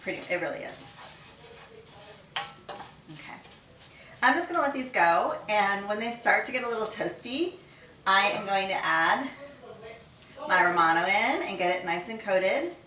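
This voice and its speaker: A woman's voice: medium pitch, lively intonation, a little slow, long pauses, bright, forceful tone, slight background noise. A middle-aged woman chef hosting a casual cooking video in her home kitchen, chatting and talking herself through each step as she works. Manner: chatty, talks to herself while working. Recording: echoey kitchen from far off, clattering dishes. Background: clinking cutlery, pots and pans.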